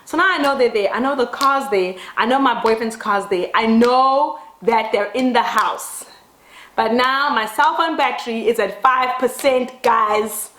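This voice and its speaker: A woman who vlogs about beauty tells a dramatic story while doing her makeup at home. She is animated and swears casually. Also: a little high, measured pace. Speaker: beauty vlogger. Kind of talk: casual get-ready-with-me storytelling. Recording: roomy echo.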